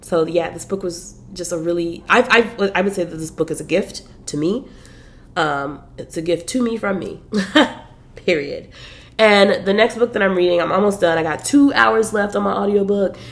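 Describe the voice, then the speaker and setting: A woman's voice: medium pitch, moderate pace, gravelly. A woman hosting a podcast, chatting casually about the books she's reading, full of slang and fillers. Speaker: podcast host.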